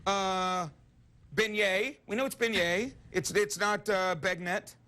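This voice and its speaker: A man's voice: high-pitched, steady tone, a little slow, pushed and bright, slight background noise. A man, a morning show reporter bantering and joking live on location. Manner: jokey, playful, teasing. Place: on location at a pawn shop.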